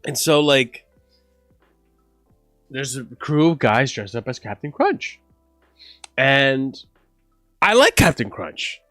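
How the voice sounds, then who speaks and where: A man's voice: medium pitch, slow pace, pauses often, no room sound, soft background music. A man casually telling a story on a livestream, rambling and profane, full of "bro" and "like". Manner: animated, laughing through the story.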